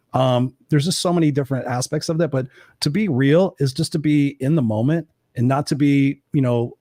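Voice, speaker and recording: A man, an executive coach, talking candidly as an interview guest, a blunt and animated storyteller who swears freely. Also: medium pitch, moderate pace, no echo, studio quality.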